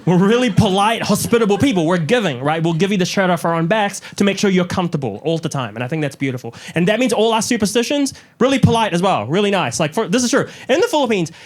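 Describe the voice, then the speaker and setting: A young man from New Zealand doing a stand-up comedy set in front of a live audience, telling stories with lively delivery and little put-on voices. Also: high-pitched, fast, hardly any pauses. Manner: animated storytelling, mocks up little voices.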